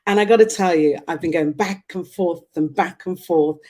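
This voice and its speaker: A woman's voice: fairly low pitch, moderate pace, darkish tone. A middle-aged woman hosting a talk show in a chatty, playful way, laughing often and making asides.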